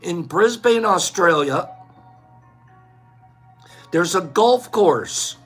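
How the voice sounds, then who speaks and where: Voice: medium pitch, big pitch swings, slow, pauses often, fairly bright tone, slightly rough, faint music behind. A livestream host in casual chat, playful and teasing, calling out chatters by name.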